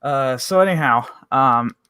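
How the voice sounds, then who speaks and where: Bright-voiced young man telling a story. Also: medium pitch, measured pace, clear, resonant tone, no room sound. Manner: laid-back, swears freely, laughs through his stories. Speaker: podcast co-host. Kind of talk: casual storytelling chat.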